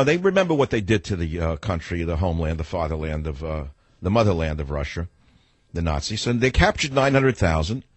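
Husky, animated male radio host. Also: on the low side, no room sound. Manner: rambling, animated, sarcastic. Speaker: radio talk show host. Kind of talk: rambling talk radio monologue.

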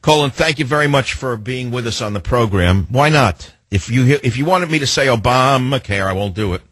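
Talk radio host guy, opinionated and rambling, a bit husky, dry close mic. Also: mid-range voice, animated, brisk, fairly bright tone, no room sound.

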